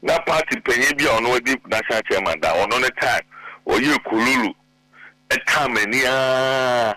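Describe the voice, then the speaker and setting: A man's voice: medium pitch, lively intonation, normal speed, bright, forceful tone, dry recording, low-quality recording. A middle-aged man with a Ghanaian accent, talking emphatically on a political talk show and mixing Twi with English. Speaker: guest politician.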